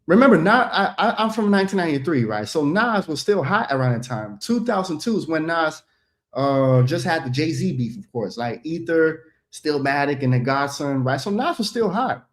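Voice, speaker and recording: A man's voice: a little high, very animated, moderate pace. A man in his thirties from the Netherlands, a rapper chatting casually as a guest, telling stories in a loose, rambling way and laughing easily. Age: 30s. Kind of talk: casual chat on a stream.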